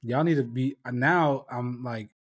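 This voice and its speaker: Middle-aged man, podcast host, casual and profane, middle-pitched voice, mimics other people's voices mid-story. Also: measured pace, slightly rough. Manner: profane storyteller who acts out quoted voices. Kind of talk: casual chat.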